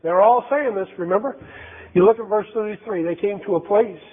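A man preaches in a high, emphatic, conversational voice, repeating phrases for weight. The recording is thin and phone-like. His delivery moves between reflection and insistence. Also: fairly quick, slightly rough. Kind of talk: sermon. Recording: tinny phone-like sound.

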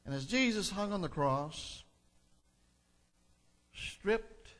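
A man's voice: high voice, animated, takes it slowly, a bit bright. A man preaching a sermon, reading scripture aloud and then explaining it in an earnest delivery that builds in intensity. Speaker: pastor.

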